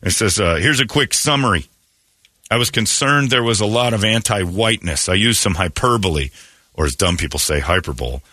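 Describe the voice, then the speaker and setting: A man talks through a casual comedic chat with a bright, forward tone set a little low in pitch. He riffs animatedly and mockingly, now and then jumping up into high put-on voices for a bit. The sound is dry and close. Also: lively intonation, a little fast, no echo.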